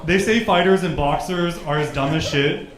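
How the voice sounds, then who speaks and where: A man's voice: on the high side, moderate pace, crowd noise. A man delivering punchy roast-style one-liners on a club stage. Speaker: open-mic comedian. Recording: echoey club.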